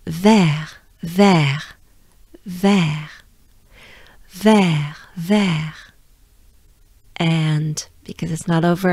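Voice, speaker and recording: Recorded cleanly in a studio with no room sound, a woman from France patiently teaches pronunciation in a slow, repetitive lesson, drilling sounds in her French accent. Her medium-pitched, darkish voice is a little strained because she is losing her voice.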